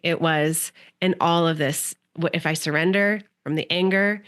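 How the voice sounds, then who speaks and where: On a podcast, a woman who works as a creative coach talks about inner work in flowing, spiritual, dreamy phrasing. Her voice is fairly low in pitch and fairly bright in tone, and she speaks a little slowly.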